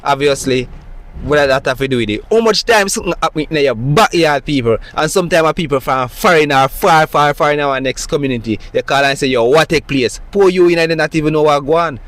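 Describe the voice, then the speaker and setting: A man's voice: fairly high pitch, a little fast, fairly bright tone. A man with a Jamaican accent, speaking in an agitated, emphatic monologue full of rhetorical questions. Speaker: citizen recounting a police stop. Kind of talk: impassioned monologue.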